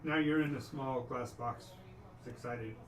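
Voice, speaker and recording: A man's voice: medium pitch, fairly even intonation, normal speed, fairly bright tone. A man running a tabletop game as game master, describing scenes with frequent restarts. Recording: echoey room, far from mic, noisy.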